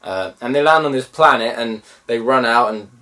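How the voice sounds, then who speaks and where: A man giving a casual film review, animated and mimicking voices in bursts. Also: mid-range voice, normal speed, distant mic.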